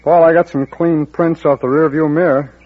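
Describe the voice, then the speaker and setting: An actor playing a brisk, matter-of-fact federal agent in a 1950s radio drama. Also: male voice, fairly high pitch, steady tone, faint music behind, close to an everyday voice. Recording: lo-fi old radio recording.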